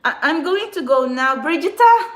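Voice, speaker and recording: A woman, a spiritual channeler, venting in an emotional, agitated monologue outdoors in a city, swearing often and swinging between quiet and loud. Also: a little high, measured pace, echoey room. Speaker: spiritual channeler and tarot reader.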